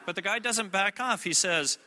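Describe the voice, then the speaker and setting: A man preaches to a church audience in a loose, storytelling way, turning often to his listeners with asides. His voice sits fairly high and sounds sharp and tense. The sound rings on in the long reverb of a large hall. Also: moderate pace. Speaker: traveling preacher. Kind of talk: sermon.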